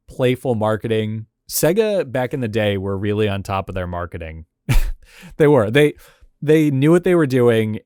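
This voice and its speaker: In studio-quality sound with no echo, a man with a lowish, slightly mellow and clean-toned voice hosts a laid-back reaction video. He muses aloud about old game commercials, reacting to and analyzing them, often filling pauses with "like" and "you know" and chuckling between thoughts.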